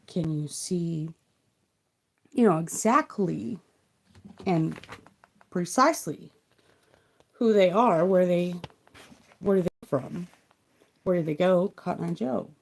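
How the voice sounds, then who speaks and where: A woman talks slowly and softly on a live stream, her lowish voice catching into gravel at the ends of phrases. She rambles from one question to the next, trailing off, and keeps her volume down near the mic. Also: animated. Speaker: livestream tarot reader. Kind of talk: soft-spoken livestream musing. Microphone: close mic, kept quiet for live stream.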